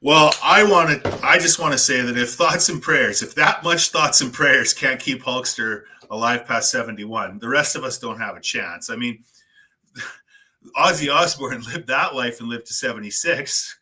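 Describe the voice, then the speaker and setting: Brief: male podcast host, husky voice, ranting storyteller with quick impressions. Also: medium pitch, bright, forceful tone. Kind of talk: casual chat.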